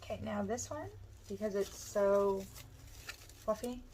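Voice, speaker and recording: A woman with a hoarse voice, casually explaining step by step how she makes a wreath as she works. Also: medium pitch, a little slow, a little mellow, slight background noise, low-quality recording. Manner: chatty, talks while working with her hands. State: hoarse, losing her voice. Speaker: craft tutorial host. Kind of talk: step-by-step crafting instruction.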